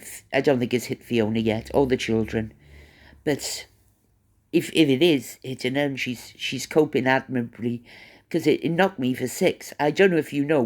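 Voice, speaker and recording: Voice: mid-range voice, darkish tone. A host casually chatting to viewers in a monologue, throwing in rhetorical questions and frequent ums. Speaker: commentary channel host.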